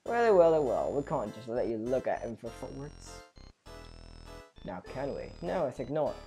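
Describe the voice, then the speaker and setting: A woman's voice: extremely low pitch, big pitch swings, unhurried, mellow, soft background music, exaggerated voice, rough recording. A woman voicing a boastful male ghost with a put-on British accent, taunting the player. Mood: smug. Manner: taunting, cocky. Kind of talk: video game voice-over.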